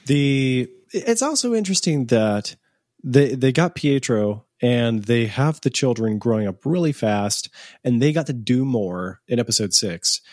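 A man chatting casually as a podcast co-host, walking through a show's plot in long, looping sentences. His voice sits at an ordinary middle pitch. The sound is dry and close, with no room echo. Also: darkish tone. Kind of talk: casual TV recap chat.

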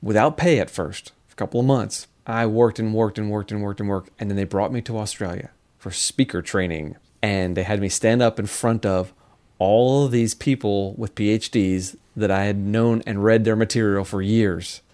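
A middle-aged man, a scientist and speaker, talking casually in an interview and telling lively stories. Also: on the low side, normal speed. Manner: animated storyteller, acts out quotes, laughs often.

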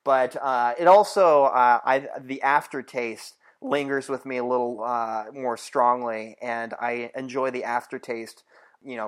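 A man's voice: mid-range voice, a bit bright. Easygoing man guest who chuckles often. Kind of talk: casual interview chat. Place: California.

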